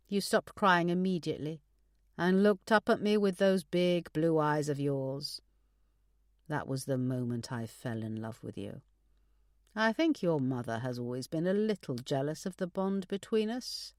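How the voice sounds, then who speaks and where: In this audiobook, a frail older father grumbles like a stubborn teenager, then turns soft and nostalgic, as a woman puts him on. The voice sits a little low and comes across dry and close. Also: no echo. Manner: grumbling, sentimental.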